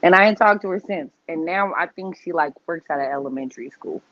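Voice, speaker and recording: A woman's voice: fairly low pitch, brisk, dry recording, highs cut off. A woman guest on a podcast telling a story casually, in a blunt, slangy, matter-of-fact way.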